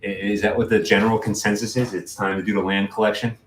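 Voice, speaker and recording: A man's voice: on the low side, little pitch movement, fast, a little hiss or hum. A man hosting a casual livestream, rambling and restarting as he chats with viewers and his cat. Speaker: livestream host.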